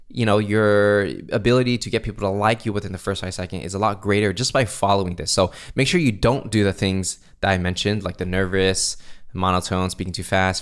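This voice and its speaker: Low-voiced man coaching casually. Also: clean tone. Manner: conversational, frequent "right?" check-ins. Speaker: sales coach. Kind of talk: instructional talk.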